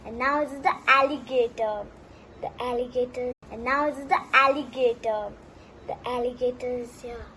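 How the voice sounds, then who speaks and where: A woman's voice: on the high side, steady tone, moderate pace, bright, forceful tone, a little hiss or hum. A woman teacher with an Indian English accent leading young children through finger exercises in a cheerful, sing-song way. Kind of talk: online class instruction for young children.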